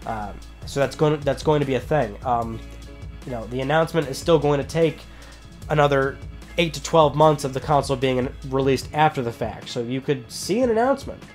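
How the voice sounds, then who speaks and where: A young man from Western New York with a Western New York accent, hosting a weekly gaming news show in a chatty, upbeat way with lively asides. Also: medium pitch, fairly quick, faint music behind. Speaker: host.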